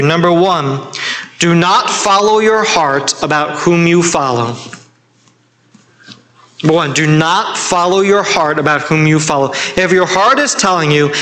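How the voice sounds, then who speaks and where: A man's voice: fairly high pitch, sharp tone, low-quality recording. A man preaching a sermon in church, earnest and emphatic, repeating his key points. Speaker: pastor. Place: church sanctuary.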